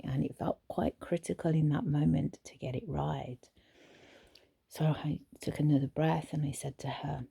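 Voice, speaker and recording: A woman therapist telling a story casually, in a soft, hesitant way with frequent whispered asides. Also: low-pitched, steady tone, normal speed, gravelly, breathy edge, dry recording.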